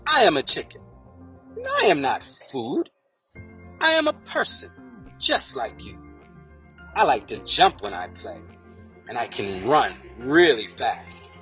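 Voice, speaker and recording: A reader reading a children's picture book aloud in a slow, sing-song way. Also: mid-range voice, huge pitch swings, pushed and bright, soft background music. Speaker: storybook reader.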